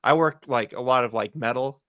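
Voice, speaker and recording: A man, a haunt actor guest on a podcast, explaining things at length in a relaxed way. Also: medium pitch, brisk, dry recording, muffled recording. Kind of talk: casual chat.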